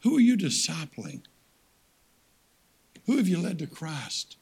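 An older man preaching a folksy sermon as guest speaker, swinging from loud, high-pitched exhortation to hushed, low appeals. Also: huge pitch swings, measured pace, gravelly, pauses often, breathy edge.

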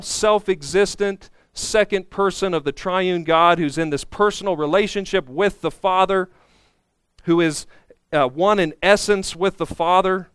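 A man with a slightly high, smooth and clear voice preaches an earnest expository sermon. He teaches in detail and now and then acts out the speakers in the passage. The sound is close and dry, with no room echo. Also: a bit bright. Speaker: pastor.

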